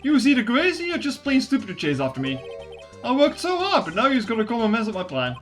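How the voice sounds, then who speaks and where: A streamer voicing a hot-tempered male mob boss in a game, threatening in loud street slang. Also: mid-range voice, huge pitch swings, fast, soft background music.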